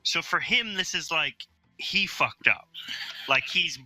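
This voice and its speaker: A man's voice: fairly high pitch, animated, slow pace, bright, forceful tone, no room sound, low-quality recording. A man playing a tabletop game, chatty and explaining his character's thoughts aloud. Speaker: player. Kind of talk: casual tabletop role-play.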